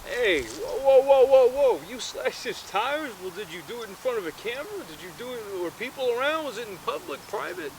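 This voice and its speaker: A man voicing an excitable, scheming middle-aged father who fires off rapid questions. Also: extremely high pitch, gravelly, pitched above the performer's own voice, full character voice. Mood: alarmed, eager. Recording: noisy outdoor background.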